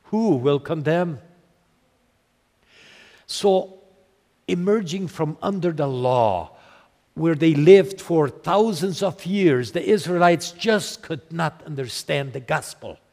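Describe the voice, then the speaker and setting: Slow-spoken preacher man in a reverberant hall. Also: fairly high pitch, animated, darkish tone. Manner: slow, deliberate storytelling with rising emphasis. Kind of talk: sermon.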